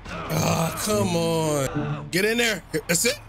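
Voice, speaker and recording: A man giving casual, excitable gameplay commentary, loud and profane, with plenty of slang. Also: fairly high pitch, slow pace, vocal fry, noisy background. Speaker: gaming YouTuber.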